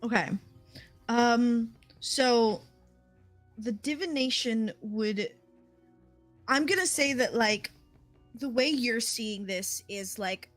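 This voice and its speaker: A woman running a tabletop game as game master, talking hesitantly with many pauses and fillers. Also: fairly high pitch, dry recording, soft background music. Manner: hesitant, many ums and likes.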